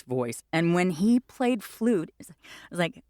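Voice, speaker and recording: Lively, rambling woman in her 50s. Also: fairly low pitch, a little slow, dry recording, studio quality. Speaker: stage actor, interview guest. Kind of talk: casual interview chat.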